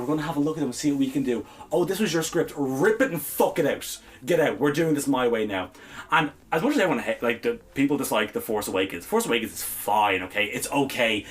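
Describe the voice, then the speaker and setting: A man co-hosting a podcast, ranting in heated, exasperated bursts and swearing freely. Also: medium pitch. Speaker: podcast co-host. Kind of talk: ranting casual chat.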